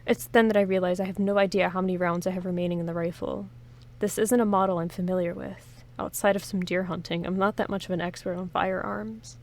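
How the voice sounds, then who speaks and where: Woman reading a game story out loud, dramatic narration, jokey little asides to chat in between. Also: on the low side, level tone, fairly quick. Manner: reads dramatically, breaks off for chatty, joking comments. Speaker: host reading an interactive story game aloud. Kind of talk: first-person story narration with casual asides.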